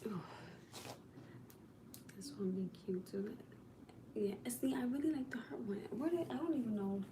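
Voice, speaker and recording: A woman's voice: fairly high pitch, lively intonation, normal speed, noisy background. Exasperated woman chatting on a phone livestream. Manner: chatty, exasperated, addresses viewers as y'all. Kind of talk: casual livestream chat.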